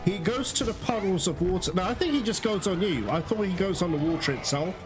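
Excitable man, lively high voice. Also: fast talker. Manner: excitable, swears and groans at the game, laughs often. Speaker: gaming video host. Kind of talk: live gameplay commentary. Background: loud game music.

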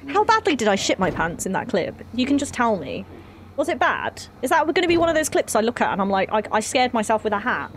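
A woman streaming a horror game, chatting excitably with her viewers and swearing freely. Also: on the high side, quick pace, a little hiss or hum.

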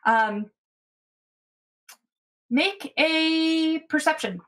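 Woman running a d&d game, laid back, fairly high voice. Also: extremely slow, fairly bright tone. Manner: easygoing, many fillers. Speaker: game master. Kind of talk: narrating a tabletop game.

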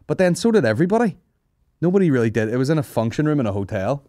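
A man's voice: medium pitch, big pitch swings, rapid-fire, mellow, no echo, clean studio sound. A man hosting a comedy podcast, telling rambling, sweary stories, laughing and mimicking people. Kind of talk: casual storytelling chat.

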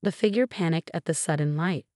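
A woman narrating a personal story in a scripted, steady way. Her voice sits on the low side for a woman. The recording is close and dry. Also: fairly quick, no echo.

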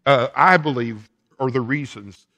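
A man's voice: medium pitch, unhurried, bright, forceful tone, long reverb tail. A male pastor preaching a sermon in a church sanctuary, laying out his points one by one with emphasis.

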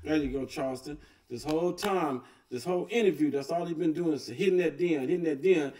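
Brief: a male reaction host, relaxed and agreeing, pitched a bit high, recorded off-mic. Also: brisk, distant mic. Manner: laid-back, agreeing, chuckling. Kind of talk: casual reaction commentary.

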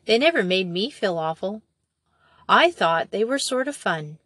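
A woman reading a storybook and voicing a brisk, practical young farm woman who speaks in a matter-of-fact way. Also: mid-range voice, expressive, a bit bright, slightly rough, no room sound, studio quality.

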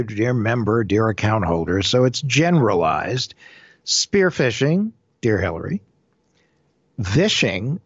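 A man's voice: mid-range voice, no room sound, highs cut off. A man being interviewed as an identity-theft expert, telling stories and acting out the voices of scammers and their victims. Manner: animated storyteller, acts out scammer and victim quotes. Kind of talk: interview answers.

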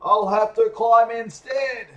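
A man's voice: on the high side, measured pace, a little mellow, echoey room, dull audio, natural voice. A man voicing a kind, modest male bear in a cape while reading a picture book aloud, in an earnest, cheerful way.

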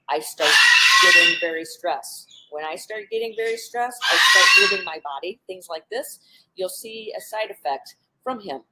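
A woman's voice: lowish voice, heavy background noise. A woman who works with animals, hosting a casual live stream, talking earnestly with frequent ums and restarts. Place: indoors with animals around.

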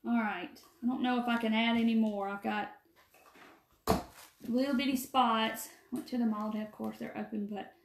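A woman with a Mississippi Southern accent hosts a live craft demo, chatting in a folksy way and answering viewers by name. Her voice is on the high side with fairly even intonation at normal speed, recorded in an empty, echoey room with a little hiss or hum.

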